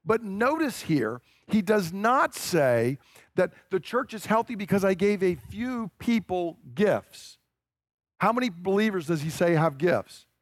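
A man from the American South preaching a sermon, stressing and repeating his key points and slowing down to drive them home. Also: high voice, lively intonation, dry recording, studio quality. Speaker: pastor.

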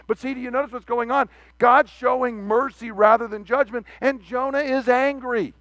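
A man preaching a sermon, animated, acting out the quoted speech of the figures he reads about. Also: very high voice, moderate pace, hardly any pauses, no echo.

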